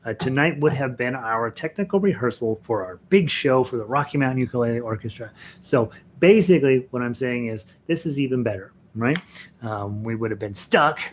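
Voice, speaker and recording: A man's voice: mid-range voice, lively intonation, fairly quick, a little hiss or hum. A man leading an online ukulele group, talking casually and encouragingly between songs and laughing often. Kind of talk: casual online music class.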